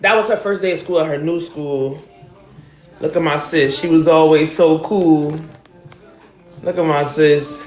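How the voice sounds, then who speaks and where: A woman from New Jersey hosting a casual live stream from home, talking emotionally and directly to her viewers. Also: fairly low pitch. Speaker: livestream host. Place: at home, decorated with balloons and pictures.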